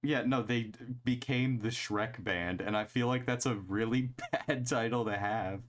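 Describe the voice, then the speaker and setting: A young man co-hosting a casual podcast chat, laid-back and quick to swear and laugh. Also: medium pitch. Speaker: podcast co-host.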